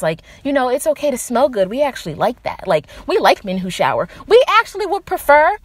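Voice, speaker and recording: A woman's voice: sits high, very animated, fairly quick, hardly any pauses. A young adult woman hosting a solo podcast, ranting angrily and sarcastically with plenty of swearing. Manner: angry, profane, sarcastic. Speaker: podcast host. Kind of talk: impassioned solo rant.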